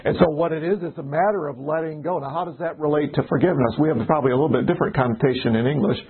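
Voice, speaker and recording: A man's voice: a little high, racing, husky, phone-quality sound. A man leading an informal Bible study, talking conversationally, restarting sentences and acting out little exchanges. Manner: conversational, restarts often, acts out little dialogues. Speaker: pastor.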